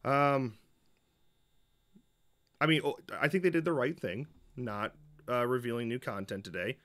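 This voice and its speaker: Bright-voiced opinionated male streamer. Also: medium pitch, unhurried. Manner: rambling and opinionated, with frequent restarts and fillers. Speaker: streamer reacting to a developer Q&A. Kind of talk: casual live-stream commentary.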